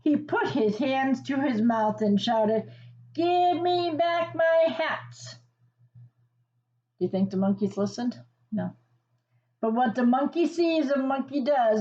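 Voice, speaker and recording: A woman reading a picture book aloud to children, pausing to ask them questions and explain words. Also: on the high side, highs cut off. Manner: gentle teacherly asides and questions to the listener. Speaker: children's story reader.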